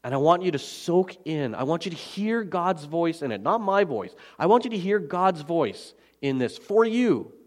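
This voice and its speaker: A pastor preaching a sermon in an earnest, emphatic manner, slowing down and repeating key phrases. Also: male voice, on the high side, very animated.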